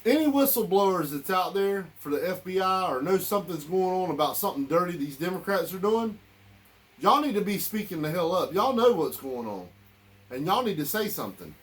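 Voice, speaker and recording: A man with a drawl rants to his listeners, heated and circling back on his own words. His voice sits a touch higher than most men's. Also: sing-song, brisk. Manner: heated, repetitive, addresses listeners as y'all. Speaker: political commentator. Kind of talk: angry political rant.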